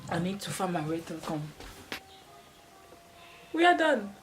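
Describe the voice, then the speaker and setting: Slow, low-voiced chatty woman vlogger. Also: big pitch swings, faint music behind, rough recording. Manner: rambling and chatty, with frequent restarts and laughter. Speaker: hair-care vlogger. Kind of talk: casual chat to camera. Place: at home, seated in front of a wall. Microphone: camera placed off to the side.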